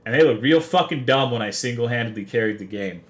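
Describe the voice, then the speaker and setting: A man's voice: mid-range voice, expressive, fast. A young man streaming live, chatting casually with his viewers in a rambling, profane, self-deprecating way. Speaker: livestreamer. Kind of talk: casual livestream chat.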